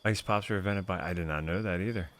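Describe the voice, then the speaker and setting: A man streaming a video game, giving excitable commentary full of swearing and jokes. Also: low voice, fast talker, background noise. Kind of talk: gameplay commentary. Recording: voice over game music.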